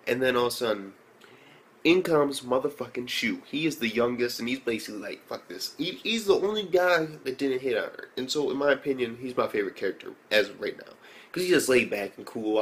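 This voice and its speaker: A man's voice: fast, slight background noise. Rambling, profane young man reviewing anime. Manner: rambling and profane, many fillers; excitable, jumps into high reactions. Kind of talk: casual recap and review.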